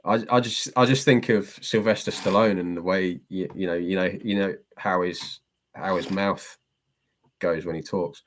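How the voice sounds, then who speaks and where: A man's voice: deep voice, steady tone, normal speed, slight background noise. A man hosting a live stream and answering chat, chatty and self-deprecating, laughing often as he reads the questions.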